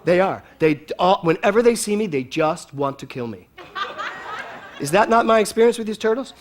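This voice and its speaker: A man giving a storytelling sermon to a congregation, animated and often laughing as he talks. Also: high voice, moderate pace. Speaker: speaker at a spiritual center.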